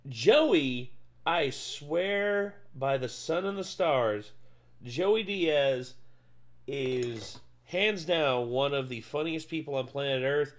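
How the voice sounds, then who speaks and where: A laid-back man reacting to clips with a co-host, drawing out his words slowly. His slightly high voice rises and falls a lot as he comments. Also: lively intonation. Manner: drawling, laid-back, swears casually.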